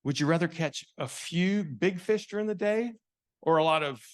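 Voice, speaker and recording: A man's voice: on the high side, moderate pace, voice pushed up, natural voice. A man playing a polite, attentive male fishing guide who asks friendly questions.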